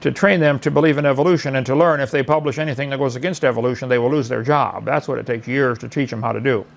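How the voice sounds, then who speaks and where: A man's voice: medium pitch, steady tone, fast, creaky. A middle-aged man debating in a mocking, lecturing way, repeating his points.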